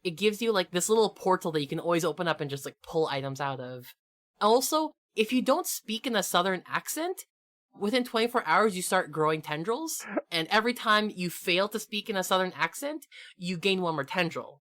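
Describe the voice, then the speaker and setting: A woman's voice: on the low side, lively intonation, brisk, a bit bright. A woman co-hosting a gaming podcast, chatting casually and enthusiastically, full of "like" fillers. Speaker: podcast co-host and game master. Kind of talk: casual chat.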